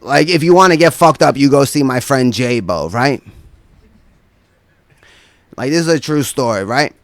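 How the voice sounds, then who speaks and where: A man's voice: mid-range voice, lively intonation, a little slow, dry recording. A man performing a stand-up routine as a guest comedian, rambling through a profane story and tossing in constant "right?" asides.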